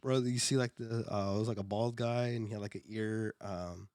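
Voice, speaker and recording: A young man with a fairly low voice tells a story on a podcast, loose and chatty, laughing and swearing as he goes. He stumbles over and repeats words. The sound is close and dry, with no room around it. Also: steady tone, normal speed, a little mellow, smooth, no room sound. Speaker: podcast co-host. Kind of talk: casual storytelling chat.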